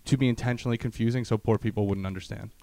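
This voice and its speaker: A man's voice: fairly low pitch, steady tone, racing, dark tone, no echo. A young man hosting a casual chat among friends, rambling with lots of fillers and restarts. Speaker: podcast host.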